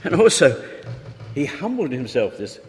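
Speaking at normal speed with a medium pitch and a sing-song lilt, a man delivers a sermon in a conversational style. He poses many rhetorical questions and sometimes performs desperate pleas, and the recording carries a hall's reverb and faint noise.

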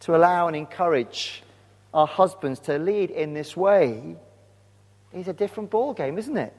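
A man's voice: fairly high pitch, animated, moderate pace, darkish tone. Earnest male preacher in a reverberant hall. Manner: earnest, direct questions to the congregation. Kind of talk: sermon. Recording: long reverb of a large hall.

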